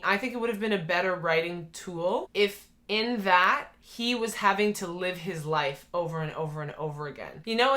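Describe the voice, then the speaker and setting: A young woman with a mid-range voice hosts a channel as a video essayist, delivering casual, animated commentary. She's chatty, laughs easily, and often corrects herself mid-sentence.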